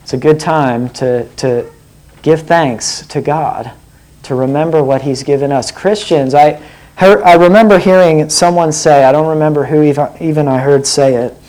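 A man's voice: on the high side, normal speed, a little mellow, poor audio. A man preaching a sermon in an earnest way, often putting direct questions to his listeners.

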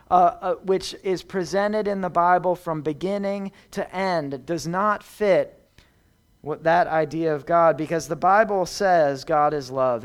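A man preaching a sermon, measured and emphatic, repeating words for stress. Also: sits high, clean tone.

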